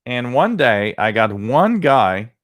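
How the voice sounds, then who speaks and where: A man's voice: medium pitch, big pitch swings, slow pace, no echo. A man, hosting a livestream, telling rambling stories and greeting viewers by name in casual chat. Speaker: livestream host.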